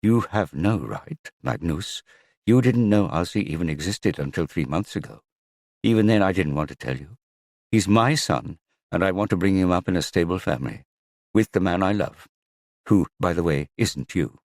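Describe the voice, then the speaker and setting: A man's voice: extremely low pitch, lively intonation, unhurried, a little mellow, dry recording, clean studio sound, exaggerated voice. A man voicing a guarded, unyielding mother who speaks in firm, clipped phrases, in an audiobook. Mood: resolute.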